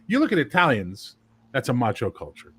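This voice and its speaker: A man's voice: mid-range voice, huge pitch swings, fairly quick, fairly bright tone, slightly rough. A man in casual chat, blunt and profane, telling stories and acting out quotes.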